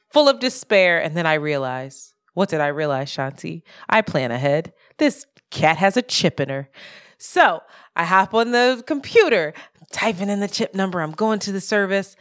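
A woman co-hosting a casual podcast, telling a story in an animated way with sudden jumps in pitch and plenty of swearing. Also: clear, resonant tone. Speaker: podcast co-host. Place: apartment in Brooklyn, street sirens outside.

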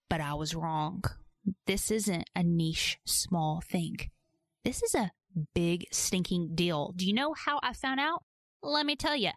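A woman's voice: mid-range voice, lively intonation, normal speed, fairly bright tone, no echo, clean studio sound. A woman from Georgia in the US hosting a casual interview. She tells stories in a playful, self-mocking way. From Georgia, USA. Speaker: podcast host.

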